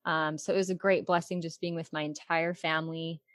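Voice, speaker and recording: A woman's voice: low voice, little pitch movement, a little fast, a bit bright, dry recording. A woman in her twenties from Arizona, telling stories as a guest in a casual faith-based interview, chatty and often giggling. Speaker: podcast guest.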